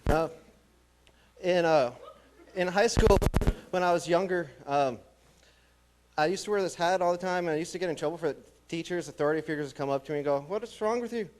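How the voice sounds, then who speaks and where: Young guy doing standup, kinda high voice, dry deadpan jokes. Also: a little fast, long pauses, a little hiss or hum. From New Mexico. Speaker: stand-up comedian. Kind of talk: stand-up comedy set. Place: small college theatre stage.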